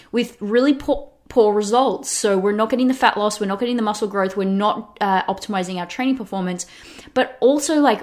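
Young female podcast host, relaxed and talky, loose conversational delivery, average pitch. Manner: chatty, with frequent "like" and restarts. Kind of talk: casual solo podcast talk.

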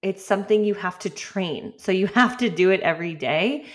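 A woman's voice: mid-range voice, normal speed. A woman in her thirties hosting a podcast, talking casually and chattily with frequent fillers and light laughs. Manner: chatty, relaxed, lots of "like" and laughs. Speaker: podcast host. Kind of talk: casual solo podcast talk.

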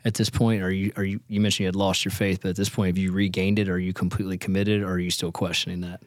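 A man hosting an interview podcast, asking questions in quick bursts with repeated false starts. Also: low voice, flat delivery, dry recording, studio quality. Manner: fast, stumbling repeated starts when asking. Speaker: podcast host.

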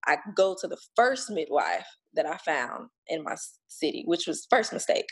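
A podcast guest shares how she gave birth, telling it casually and forcefully, with the odd swear word and impressions of what others told her. She has a low, husky voice, very animated, at a normal speed.

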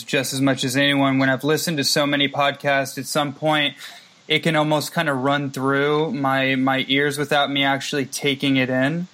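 Podcast host guy, calm and reflective, pretty flat even voice. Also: mid-range voice.

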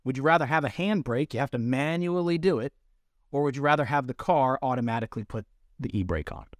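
A man's voice: mid-range voice, fast talker, no room sound, studio quality. A man hosting a podcast, explaining dog training in a practical, instructional way with everyday comparisons. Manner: explanatory, uses everyday analogies.

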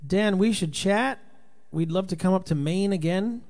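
A man's voice: high voice, normal speed, darkish tone. A man from Rhode Island hosting a casual livestream, greeting viewers by name in a loose, rambling way. His voice is tired and worn out from touring. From Rhode Island, USA. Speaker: livestream host and touring Christian musician. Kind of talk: casual live chat reading viewer comments.

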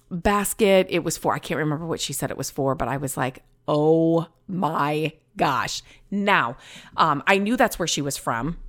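Low-voiced chatty woman host. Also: a bit bright. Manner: chatty and rambling, many fillers and restarts, laughs easily. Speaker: podcast host. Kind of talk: casual solo chat.

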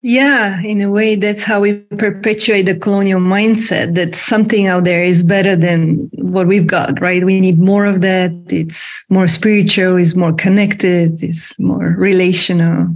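A woman's voice: medium pitch, fairly even intonation, unhurried, few pauses. A woman hosting a conversation, responding in a reflective, affirming way. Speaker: host. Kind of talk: conversational interview.

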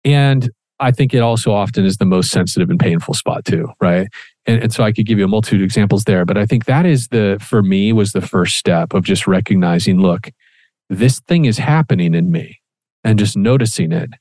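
A man co-hosting a podcast, telling a personal story in casual chat, animated and acting out quoted dialogue with casual swearing. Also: fairly low pitch, fairly quick, dry recording. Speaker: podcast co-host.

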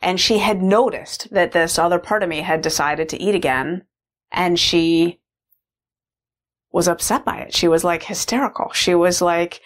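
A woman's voice: on the low side, measured pace. A woman sharing a candid, reflective personal story as a course participant, with frequent fillers. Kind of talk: personal testimonial talk.

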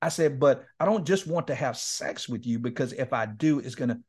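A men's ministry leader in middle age, here as a guest speaker on a podcast, tells frank stories in a slightly fast, mid-range voice that is a little mellow and husky. He laughs a lot and acts out the dialogue he quotes.

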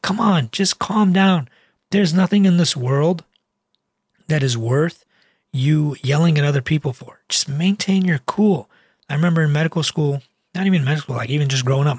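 Male doctor, casual vlog, husky and pitched a bit high, keeps it slangy and emphatic. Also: no room sound, clean studio sound. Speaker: physician.

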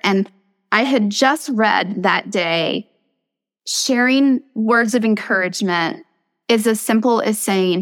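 A woman hosting a faith podcast, telling a personal story in a lively way. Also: mid-range voice, in a large hall. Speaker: podcast host. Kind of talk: faith conversation.

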